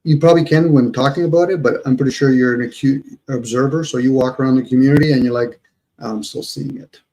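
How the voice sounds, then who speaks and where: A man's voice: mid-range voice, steady tone, fast talker, mellow, rough recording. A man on a live online panel, reflecting at length with everyday analogies and often addressing the host. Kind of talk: casual live-stream chat.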